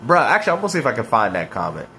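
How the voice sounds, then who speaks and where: A man's voice: medium pitch, sing-song, rapid-fire, gravelly, bright, forceful tone, slight background noise. A man reacting to clips and ranting about video games, mocking and slangy, laughing at his rivals. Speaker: gaming commentator.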